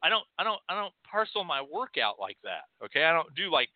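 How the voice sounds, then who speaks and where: A man with a Texan accent hosting a show, talking bluntly and sometimes profanely, acting out pleading clients in a higher voice. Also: fairly quick, few pauses, dry recording. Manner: animated, acts out pleading clients in a high voice. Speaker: host. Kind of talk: spoken teaching monologue. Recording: dry, tinny phone-like sound.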